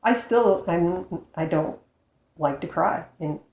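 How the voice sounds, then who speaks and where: A woman, a former highway patrol officer, speaks candidly about her own life in an interview. Her voice sits a bit low, and she acts out the lines she quotes with lively turns. The sound carries a roomy echo. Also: slow, crowd noise. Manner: frank, acts out quoted dialogue with lively shifts. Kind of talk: candid personal storytelling.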